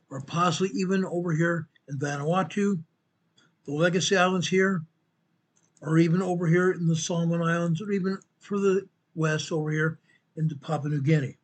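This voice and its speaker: A man hosting a show, walking viewers through an earthquake map in a slow, emphatic way and repeating his points. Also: high-pitched. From United States. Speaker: show host presenting earthquake updates. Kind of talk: informal map walkthrough commentary.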